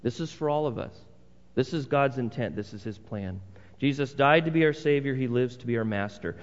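A man's voice: mid-range voice, fairly quick. A male pastor preaching a sermon in a church, conversational with emphatic repeated phrases. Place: church sanctuary. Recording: long hall reverb, dull sound.

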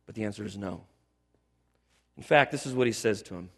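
A man's voice: on the low side, brisk. Older male pastor preaching in a hall. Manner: animated storytelling, rising to emphatic exhortation. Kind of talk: sermon.

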